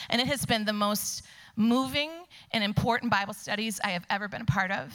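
A woman giving a personal testimony to a church congregation, telling her story with animation and dropping into soft whispers for emphasis. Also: a little high, fairly quick. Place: church sanctuary before a congregation.

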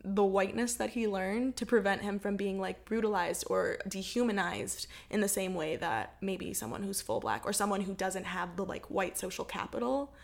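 A woman's voice: medium pitch, fairly even intonation, moderate pace, gravelly, hardly any pauses. Chatty young American woman. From United States. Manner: chatty, thoughtful, frequent "like" fillers, laughs often. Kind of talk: casual conversation.

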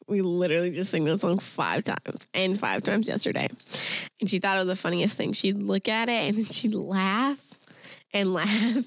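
A young woman talks in a relaxed, meandering way, stopping and starting with fillers. Her voice has a gravelly edge. The recording is dry and close. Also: mid-range voice, normal speed, dry recording. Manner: rambling storytelling with many fillers. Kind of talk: casual chat.

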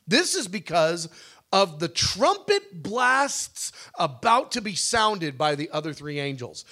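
A man teaching a Bible study session in a conversational way, acting out cries with sudden loud shouts. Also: high-pitched, big pitch swings, a little slow. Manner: conversational with fillers and restarts.

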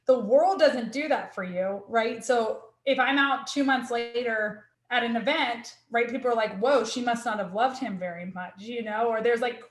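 A woman in her thirties telling her own story in conversation, earnest and reflective, often quoting her own thoughts aloud. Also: fairly high pitch. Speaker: guest sharing her story. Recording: echoey room.

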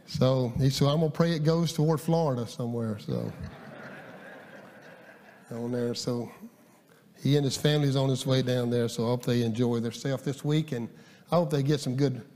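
Folksy preacher in a reverberant church. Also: male voice, medium pitch, fairly even intonation, dark tone. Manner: folksy, storytelling, halting with fillers. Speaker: guest preacher. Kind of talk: sermon with scripture reading. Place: church sanctuary.

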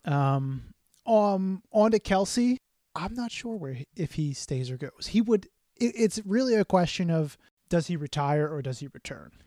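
A man co-hosting a sports podcast, talking in a relaxed, hesitant way with fillers. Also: high voice, measured pace, no echo, studio quality. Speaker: podcast co-host. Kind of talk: casual sports talk.

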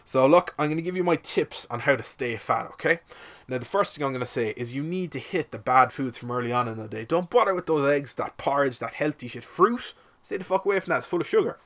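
A man talks into his podcast mic alone in a shed, riffing off-the-cuff with plenty of swearing. His delivery is loose and self-mocking, drifting from one tangent to the next, at a middling pitch for a man. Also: animated, fast. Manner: rambling, sweary, self-mocking comic patter. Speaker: podcast host. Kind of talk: casual solo podcast monologue.

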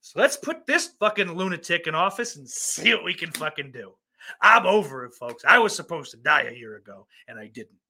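A man's voice: fairly high pitch, very animated, brisk, vocal fry, sharp tone, a little hiss or hum. A man hosting a podcast, reading out listener questions in a rambling, profane and sardonic way. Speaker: podcast host.

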